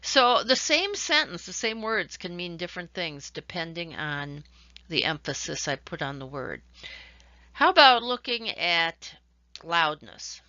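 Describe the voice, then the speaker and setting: A woman's voice: lowish voice, big pitch swings, a little slow, pushed and bright, no echo. Woman lecturing in a dry, dull recording. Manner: explanatory, demonstrating examples with varied emphasis. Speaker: instructor.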